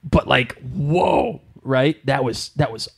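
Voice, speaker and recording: A man co-hosting a podcast in casual chat, excitable and gushing. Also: medium pitch, slow, creaky, breathy edge. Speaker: podcast co-host.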